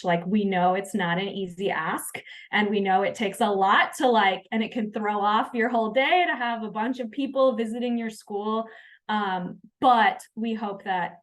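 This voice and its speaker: Chatty upbeat woman leading a training. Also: medium pitch. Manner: upbeat, chatty, many fillers. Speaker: session facilitator. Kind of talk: online training session.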